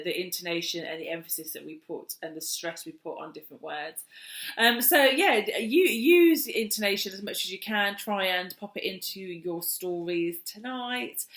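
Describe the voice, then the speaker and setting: A woman's voice: fairly low pitch, fairly bright tone. A woman, casually explaining play and speech tips to parents with plenty of fillers. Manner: chatty, many "um"s, sing-song when addressing children. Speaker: early years teacher. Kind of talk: casual teaching talk to parents. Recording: echoey room.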